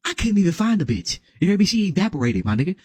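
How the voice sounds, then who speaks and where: Excitable husky-voiced young man telling a story. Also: high voice, very fast, no room sound. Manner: excitable, dramatic, repeats "you hear me", slangy. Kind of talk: animated comedic story time.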